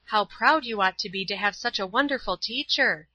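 A bustling gray-haired old neighbor, warm-hearted and effusive, always busy fussing about, as a woman reads her in a storybook. Her voice rings bright on a dry, slightly dull recording. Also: mid-range voice, normal speed, dry recording.

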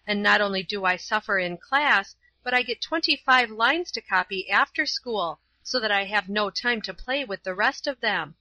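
A woman's voice: medium pitch, expressive, moderate pace, few pauses, bright, forceful tone, no echo, rough recording. A woman voicing a stubborn, resentful young schoolgirl in a storybook reading, complaining indignantly.

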